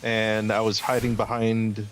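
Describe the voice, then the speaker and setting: A man's voice: on the low side, little pitch movement, a little slow, a little hiss or hum. A man hosting a livestream, chatting casually, often hesitant and chuckling as he talks. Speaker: livestream host. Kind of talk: casual stream chat.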